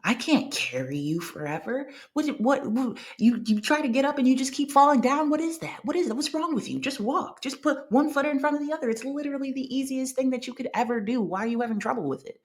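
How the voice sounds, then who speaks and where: A woman voicing an impatient parent berating an infant, fast and shrill. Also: animated. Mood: scolding.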